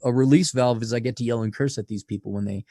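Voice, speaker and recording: A man being interviewed on a podcast, blunt and profane, swinging from loud rants to low asides. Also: fast, no room sound, clean studio sound. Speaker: podcast guest.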